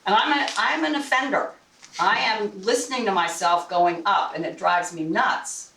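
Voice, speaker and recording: A woman's voice: mid-range voice, moderate pace, a bit bright. Woman delivering a club evaluation report, loose and chatty, recorded from across a roomy hall. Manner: conversational, with many restarts and fillers. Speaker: general evaluator and timer at a speaking club. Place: meeting room. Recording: roomy, distant mic with faint noise.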